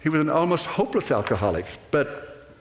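Older guy preaching, high voice, kinda rambly and lively, echoey church hall. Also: a little fast. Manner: animated, rambling preaching with restarts and acted asides. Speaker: pastor. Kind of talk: sermon. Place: church sanctuary.

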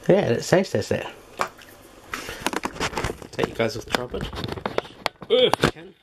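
A man's voice: fairly high pitch, very animated, unhurried, long pauses, a little hiss or hum. A man hosting a casual home cooking vlog, chatty and full of fillers, sometimes talking while eating. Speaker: cooking channel host.

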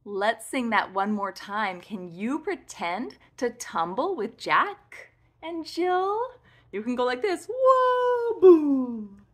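Woman, toddler speech lesson, very slow delivery, exaggerated sing-song, bright high voice. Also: very animated.

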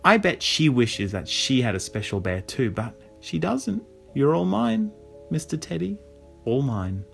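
A man voicing a jealous, possessive young girl in an audiobook, with a snapping, whiny, raised high voice. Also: sing-song, normal speed, fairly bright tone, soft background music.

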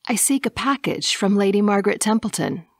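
A woman's voice: mid-range voice, lively intonation, brisk, no room sound, studio quality. A woman voicing an anxious young lady who lifts her voice to sound more confident than she feels. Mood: guarded. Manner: raised voice, trying to sound confident. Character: anxious young woman, wary but proud.

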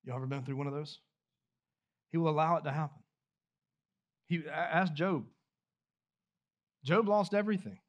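A man with a fairly high voice delivers a sermon to his church. He preaches in a loose, conversational way, asking his listeners questions and circling back over his words as he goes. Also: moderate pace, long pauses, highs cut off. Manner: repeats words and restarts phrases while speaking freely. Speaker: pastor. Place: church sanctuary.

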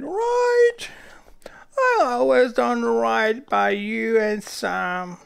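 A woman voicing a desperate relative who pleads in a very high, tearful voice as she reads a game aloud. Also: creaky, exaggerated voice.

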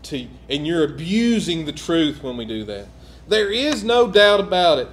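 A man preaches in a church. His pitch sits high and moves a great deal. He drops into quiet, low asides, then climbs into loud, emphatic repetition. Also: very animated, normal speed. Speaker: pastor. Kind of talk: sermon. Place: church sanctuary.

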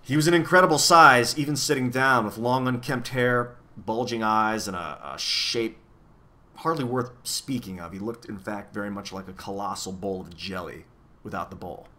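Bright-voiced man reading a storybook. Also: fairly low pitch, moderate pace. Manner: expressive storytelling. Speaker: reader. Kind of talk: reading a children's novel aloud.

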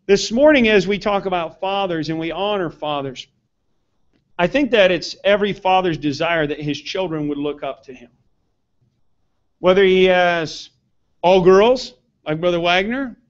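A man's voice: high voice, dull audio. A man who is a pastor, preaching a sermon in a church with earnest emphasis that rises on his key points. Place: church sanctuary.

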